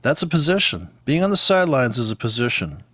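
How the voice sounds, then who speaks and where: A man's voice: medium pitch, big pitch swings, quick pace, a bit bright, breathy edge, no echo, studio quality. Blunt, profane man ranting about trading. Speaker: forex trader teaching. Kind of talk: ranting trading commentary over charts.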